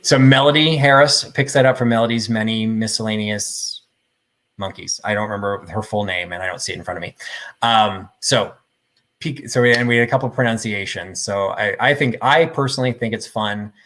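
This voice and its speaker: Midwestern guy in his 50s running a live vintage sale, kinda low voice, rambly and jokey. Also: fairly quick, fairly bright tone. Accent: Midwestern American. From suburbs of Chicago, Northern Illinois. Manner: joking, rambling, self-deprecating. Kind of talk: casual live sale chat.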